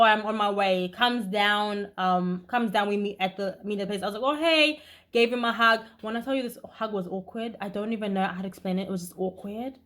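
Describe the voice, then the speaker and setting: A young woman vlogger telling a story in a casual, animated way, talking fast with bursts of emphasis. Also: on the high side.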